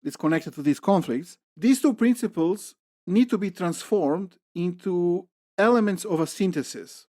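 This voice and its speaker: A podcast host walks co-hosts through a book, step by step, often checking in with "okay?". The pitch is mid-range and the recording is dry and close. It is relaxed explanatory talk. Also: moderate pace, dry recording. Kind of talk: casual explanatory chat.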